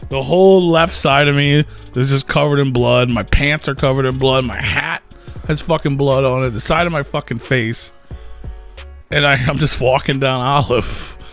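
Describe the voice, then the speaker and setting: A man casually telling a story as a podcast host, rambling and profane, loudly acting out the quotes. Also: mid-range voice, moderate pace, soft background music.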